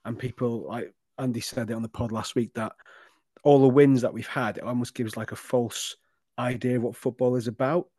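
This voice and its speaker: A man hosting a fan podcast, asking long, halting questions with many restarts. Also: medium pitch, steady tone, dark tone, dry recording, studio quality. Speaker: podcast host. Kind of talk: casual podcast interview.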